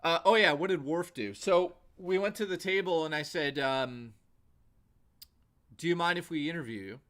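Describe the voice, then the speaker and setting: A man hosting a livestream, spinning loose, swear-heavy stories in a casual ramble. His voice sits a little high and sounds bright and forceful. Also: moderate pace. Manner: profane, rambling anecdotes full of "like". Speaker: host.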